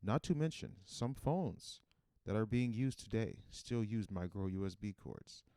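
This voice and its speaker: Pleading micro USB cords in a flat mock-ad read, voiced by a man. Low, dry voice. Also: a little slow, smooth, dry recording.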